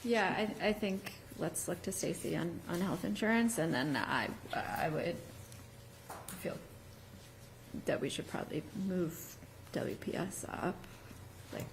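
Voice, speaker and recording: Gravelly-voiced woman, hesitant. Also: fairly low pitch, measured pace, pauses often, a little hiss or hum, rough recording. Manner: hesitant, hedging. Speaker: board member. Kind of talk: meeting discussion.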